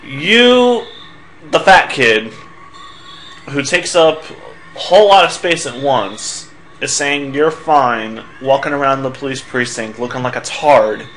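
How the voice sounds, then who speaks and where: A man's voice: mid-range voice, a little slow, fairly bright tone, slight background noise. Sarcastic young man playing a game. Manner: sarcastic, swearing, tired. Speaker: let's player. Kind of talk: casual game commentary.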